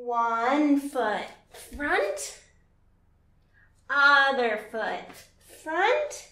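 A woman teaching a yoga class for small children, guiding them in a slow, gentle and playful way, with sung lines and animal sounds. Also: high-pitched, sing-song, reverberant, far from the mic.

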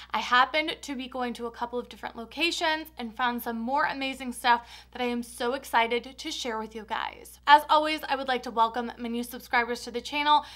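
A woman's voice: fairly high pitch, bright, forceful tone. A young woman vlogger gushing with enthusiasm as she narrates a home decor shopping haul in a voiceover. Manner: enthusiastic, gushing over finds.

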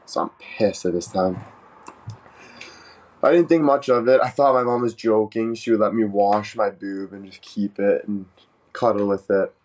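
A man casually telling a joking story on a live stream, animated and swearing freely. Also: fairly low pitch, normal speed.

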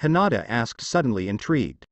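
A man reading fan fiction aloud, with animated storytelling. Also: mid-range voice, a little fast, no room sound.

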